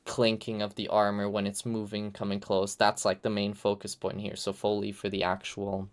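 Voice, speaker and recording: A man's voice: fairly low pitch, monotone, moderate pace. A man hosting a live stream, giving loose, chatty feedback full of "like" fillers and the odd swear. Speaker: host reviewing game audio reels.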